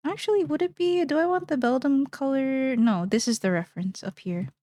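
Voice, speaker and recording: A woman's voice: sits high, brisk, dark tone, no room sound, studio quality. A young woman streamer chatting casually while she draws, rambling playfully and thinking aloud.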